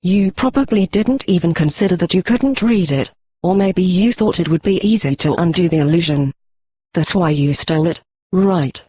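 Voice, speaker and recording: A text-to-speech male voice reading the lines of an earnest, patronizing female unicorn pony in a synthetic fanfic reading, speaking slowly as if to a child. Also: fairly low pitch, dark tone, husky, dry recording.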